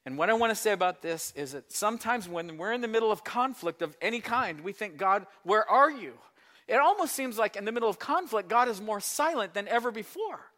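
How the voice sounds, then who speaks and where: Bright-voiced man preaching a sermon. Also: high voice, expressive, fast talker, hardly any pauses. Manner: acts out Bible voices, shifts between loud pleading and soft hushed tones. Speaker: pastor.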